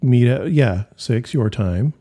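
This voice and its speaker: A man's voice: medium pitch, animated, takes it slowly, warm tone, breathy edge. A man co-hosting a podcast in casual, jokey chat, recorded on a home office mic. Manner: chatty, jokey, laughs often. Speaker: podcast co-host.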